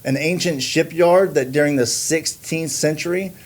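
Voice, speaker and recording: A man's voice: on the high side, moderate pace. A man hosting a watch review, narrating in a scripted, earnest and admiring way. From United States.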